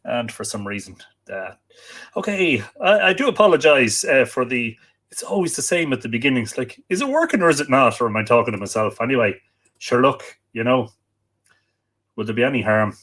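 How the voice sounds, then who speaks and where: An Irish livestream host chats casually on his live online show, reading out greetings and comments from viewers. His mid-range voice is very animated and fairly bright, and he talks fairly quickly.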